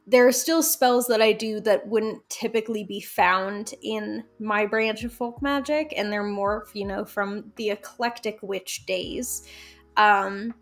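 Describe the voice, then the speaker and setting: A woman guest in a casual interview, talking in a lively, chatty way with frequent laughs and fillers. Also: mid-range voice. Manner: animated, chatty, laughs often, many fillers. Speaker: guest, folk magic practitioner.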